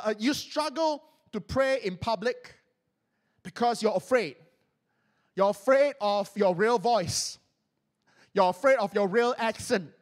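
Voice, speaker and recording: A man with a Malaysian accent preaching a sermon as a pastor, animated and repeating words as he goes. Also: very high-pitched. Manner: animated, repeats words, acts out mock prayers in put-on voices. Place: church stage, live-streamed.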